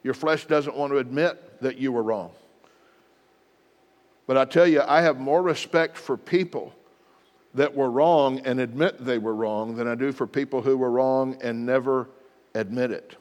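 A middle-aged male pastor preaches a sermon, acting out short example apologies in different voices and leading the congregation in spoken practice. His medium-pitched voice is unhurried and a little mellow, with a big-room sound.

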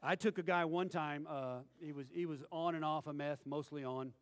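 A man preaches a sermon, leaning on homespun stories and acting out what people said. His voice sits a little high for a man. The sound carries a long reverb, as in a large hall. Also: normal speed, hardly any pauses. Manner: folksy storytelling with acted-out quotes.

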